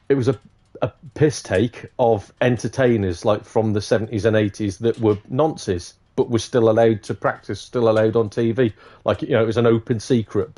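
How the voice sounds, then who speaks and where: A livestream host from Shropshire, England, chats casually and rambles while swearing freely. His voice sits on the low side with a dark tone.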